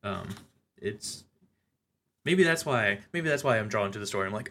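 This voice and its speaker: A man's voice: fairly low pitch, lively intonation, normal speed, pushed and bright. A man co-hosting a podcast, recapping a comic in loose, casual chat with lots of fillers and laughs. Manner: laughs often, loose and chatty with frequent fillers. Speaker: podcast co-host.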